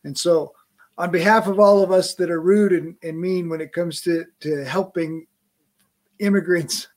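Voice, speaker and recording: Encouraging male podcast host, slightly high. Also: fairly even intonation, moderate pace. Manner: encouraging, reflective, conversational. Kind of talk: podcast interview.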